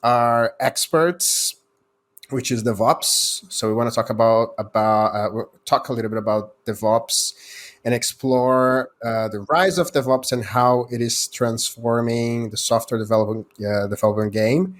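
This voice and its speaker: Male podcast host, friendly and chatty, mid-pitched, casual. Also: steady tone, a little slow.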